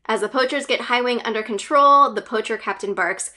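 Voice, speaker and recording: A woman's voice: on the high side, fairly quick, bright, forceful tone. A woman hosting a gaming news channel, giving an enthusiastic fan's casual recap with lots of fillers and giggles. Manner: chatty, with frequent fillers and giggles; enthusiastic fan.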